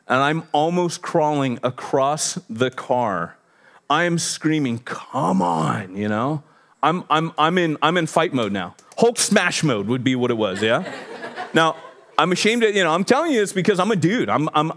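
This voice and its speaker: A pastor in his forties preaching in a loose, conversational way, telling a story on himself with easy self-deprecating humor. His fairly high voice leaps up sharply whenever he acts out the other people's lines. He goes from quick, offhand asides to slower, heavier moments. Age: 40s. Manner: animated, acts out quotes with big pitch jumps. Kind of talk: sermon storytelling.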